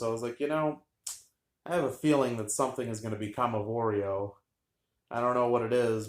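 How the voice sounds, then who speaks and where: A man telling a childhood story in a casual, rambling way, with a deadpan sense of humor and many fillers. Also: mid-range voice, echoey room.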